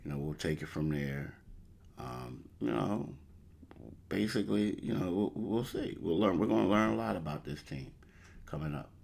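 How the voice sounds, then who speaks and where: A man's voice: low voice, animated, normal speed, gravelly, darkish tone. A man hosting a casual sports talk show, rambling and repeating himself as he talks through the standings. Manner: rambling, repeats "you know" and "crazy". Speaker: sports podcast host.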